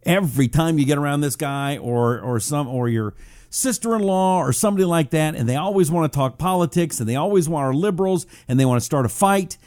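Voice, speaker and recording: A middle-aged male talk host with a dark, mellow voice speaks casually and chattily, reading viewer check-ins aloud. The sound is dry and close, with no room in it. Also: on the high side, animated, a little fast, no room sound. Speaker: radio talk show host. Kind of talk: casual live-stream chat.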